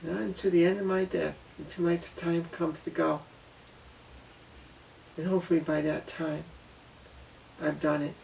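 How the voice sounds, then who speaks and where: A man with a gravelly, fairly high voice speaks in an earnest, emotional personal monologue, circling back and repeating his words. He sits a little away from the mic, so his voice sounds distant. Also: level tone, a little slow, long pauses, a little mellow, slight background noise. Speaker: vlogger.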